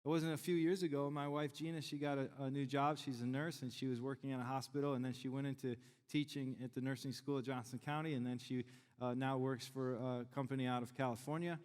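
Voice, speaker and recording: A man's voice: level tone, fast talker, darkish tone. A middle-aged man, preaching a sermon in a conversational, joking way to his congregation. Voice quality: deep voice. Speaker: pastor. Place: large church sanctuary. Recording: long church hall reverb.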